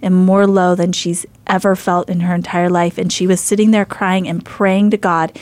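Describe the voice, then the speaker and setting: A woman's voice: on the low side, little pitch movement, normal speed, darkish tone, dry recording. A middle-aged woman hosting a faith show, telling a story in a chatty, rambling way with many fillers and restarts. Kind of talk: casual storytelling.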